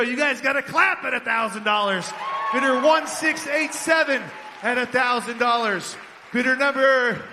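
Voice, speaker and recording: Hyped-up guy auctioneer calling bidder numbers fast, super high bright voice, big echoey ballroom. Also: a little hiss or hum. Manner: energetic, rapid-fire bidder calls, urging applause. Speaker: charity auctioneer. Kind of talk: live fundraising paddle-raise auction calling. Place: large hotel ballroom at a gala dinner. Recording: long ballroom reverb, faint crowd ambience.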